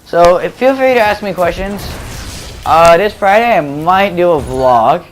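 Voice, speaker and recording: A man's voice: high-pitched, lively intonation, a little slow. A man giving casual, rambling voice-over commentary on gameplay footage, full of fillers and restarts, recorded at home.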